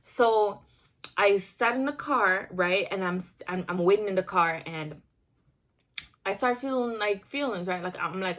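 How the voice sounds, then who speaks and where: A woman's voice: medium pitch, normal speed. Young woman, casual storytime vlogger, chatty with lots of restarts. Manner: chatty, animated, many restarts and filler words.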